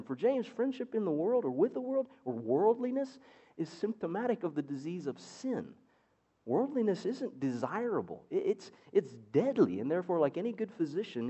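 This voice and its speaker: A man's voice: a little high, warm tone, slightly rough. A man preaching a sermon as pastor, with wry, sarcastic asides.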